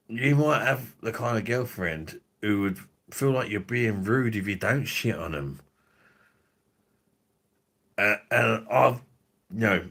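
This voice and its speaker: A man's voice: lowish voice, fairly bright tone. A young man hosting a casual livestream, rambling crudely and swearing a lot. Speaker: livestream host.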